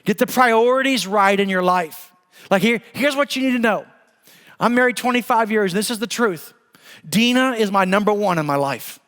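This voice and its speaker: A middle-aged man preaching a sermon, telling stories with humor in an animated way. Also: high-pitched, moderate pace, long reverb tail. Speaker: pastor. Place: church sanctuary.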